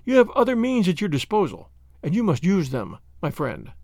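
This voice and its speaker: A man reading aloud, voicing a proud, spirited young noblewoman with raised pitch and lofty scorn. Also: wildly swooping pitch, normal speed, a little mellow, no echo, studio quality, heavily acted. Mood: disdainful.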